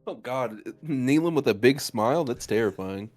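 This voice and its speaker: A man at a tabletop game who teases the table with a lively, bouncing pitch. Faint music runs behind him. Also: normal speed. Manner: joking, teasing. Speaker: player. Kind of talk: casual game chat.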